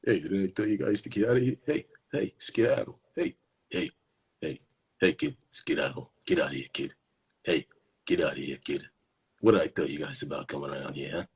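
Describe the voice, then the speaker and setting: A man voicing a gruff grown man who barks at kids to get off his turf. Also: a bass voice, animated, brisk, voice pushed down, full character voice. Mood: gruff scolding. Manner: barking, bossy, repetitive.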